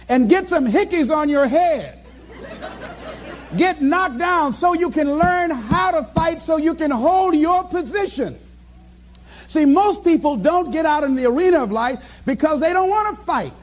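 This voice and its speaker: High-pitched animated motivational speaker, man. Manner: animated, preacherly, acts out voices and chuckles. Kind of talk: motivational speech to an audience.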